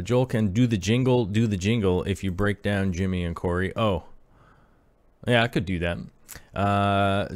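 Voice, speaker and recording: A man in his thirties chats casually on a live stream, wandering from point to point with plenty of ums and uhs. His voice sits fairly low and is recorded close and dry, with no room sound. He reads viewer messages aloud as he goes. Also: no echo. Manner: rambling, filler-heavy, reads chat aloud. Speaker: aquarium channel host.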